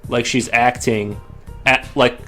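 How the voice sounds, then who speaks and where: A man's voice: mid-range voice, steady tone, slow, pushed and bright, soft background music. A man chatting casually while drawing on a stream, rambling with lots of fillers and restarts.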